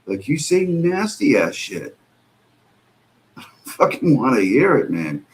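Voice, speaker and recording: A man's voice: medium pitch, sing-song, slow pace. A man hosting a live stream, reacting to clips with exasperated, sarcastic, profane commentary. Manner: exasperated, sarcastic, swears a lot.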